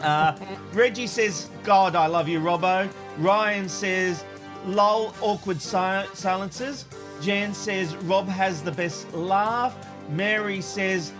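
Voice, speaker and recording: An Australian man co-hosting a casual panel chat, reading out viewer comments with a playful manner and frequent laughs. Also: high-pitched. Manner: playful, laughs often, restarts lines. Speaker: co-host reading viewer feedback.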